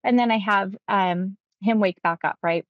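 A woman's voice: medium pitch, normal speed, no room sound, muffled recording. A woman hypnotist casually retelling a client session, acting out the quoted lines with animation.

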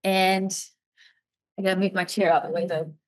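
A woman hosting a psychic show, leading listeners through a guided light healing with quick, energetic, laughing talk. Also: mid-range voice. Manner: energetic, laughs often, talks fast and excited. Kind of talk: live guided healing session.

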